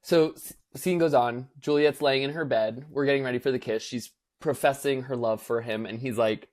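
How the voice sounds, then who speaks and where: Animated young man telling a story. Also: mid-range voice, moderate pace, few pauses. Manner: animated storyteller, acts out quotes in voices, many fillers. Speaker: podcast co-host. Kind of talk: casual podcast chat.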